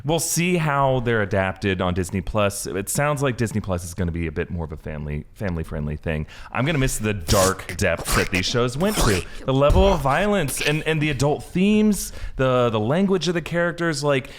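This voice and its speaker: A man's voice: medium pitch, animated, moderate pace, hardly any pauses. A man hosting a casual pop-culture chat show, steering the talk in an easygoing way. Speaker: show host.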